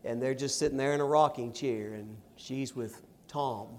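A middle-aged man preaching a sermon and reading scripture, with emphatic stresses and quiet asides. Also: medium pitch, steady tone, moderate pace. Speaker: pastor.

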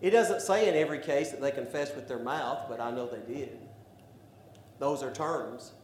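A man preaching a sermon, building to loud emphatic declarations. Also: medium pitch, moderate pace. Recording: echoey room with faint background noise.

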